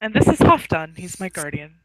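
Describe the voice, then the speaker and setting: A young woman playing her character in a tabletop role-play, chatting in a relaxed way with frequent laughs. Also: fairly low pitch, fairly quick, dry recording, low-quality recording. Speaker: player.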